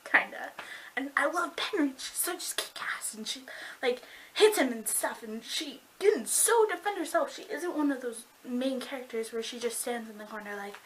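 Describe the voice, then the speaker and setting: A young woman giving a casual, giggly book review, talking excitedly with lots of "like". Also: sits high, slight background noise. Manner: bubbly, giggly, fast, lots of "like".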